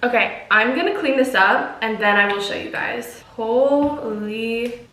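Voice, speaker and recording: A young woman talks casually to her viewers in a home vlog, chatty and nervous. Her voice sits a little high. It is picked up from a few steps away in a room with echo. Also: lively intonation, a little slow, a bit bright, far from the mic, slight background noise. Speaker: vlogger.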